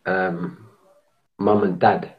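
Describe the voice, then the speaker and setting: A man hosts a live-streamed chat, his low voice coming through dull, lo-fi audio. He rambles and keeps restarting his sentences as he talks. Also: flat delivery, drawn-out words. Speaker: podcast host.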